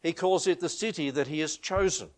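A man's voice: fairly high pitch, brisk. A middle-aged Australian man preaching as a pastor. He reads scripture, leads a prayer and tells homely anecdotes with a laugh. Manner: chatty storytelling, laughs at his own anecdotes. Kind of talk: informal sermon with Bible reading.

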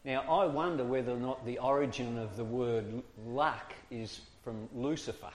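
A man's voice: medium pitch, normal speed. A man giving a humorous teaching talk to an audience of church workers, chuckling often and acting out quoted voices. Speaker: preacher training children's ministry workers.

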